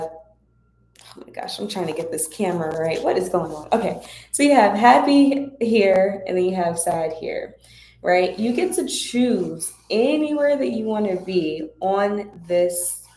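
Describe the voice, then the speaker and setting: A woman's voice: mid-range voice, expressive, a little slow, dark tone, a little hiss or hum. A woman hosting a spiritual Q&A livestream, giving casual, encouraging advice straight to her viewers in a chatty way. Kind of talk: casual spiritual guidance talk. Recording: echoey room.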